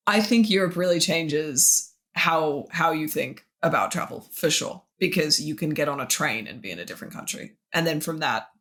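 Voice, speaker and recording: A woman's voice: deep voice, animated, moderate pace, a bit bright. A woman with an Australian accent, a historian guest in a podcast interview, talking with witty, dry humor. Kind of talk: casual interview chat.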